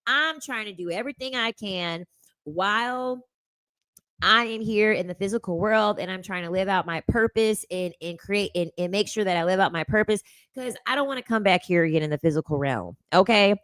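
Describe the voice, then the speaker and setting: A woman's voice: mid-range voice, normal speed, a bit bright. A young woman hosting a casual livestream, reading chat aloud and answering in a blunt, profane way, laughing often.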